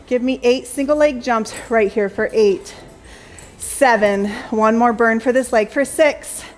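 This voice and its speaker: A young adult woman leads a Pilates class at an unhurried pace, counting down reps and calling out cues. She sounds a little winded but stays upbeat, with bursts of cheering between sets. Her voice sits high. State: slightly out of breath. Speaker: Pilates instructor. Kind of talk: fitness class cueing.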